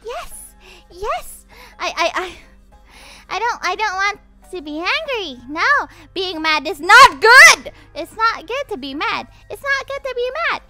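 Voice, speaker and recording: A woman's voice: very high-pitched, very animated, unhurried, music in the background. A young woman from Indonesia, a virtual idol streamer, chatting theatrically over a game, swinging between shrieks and mutters as she reads chat aloud.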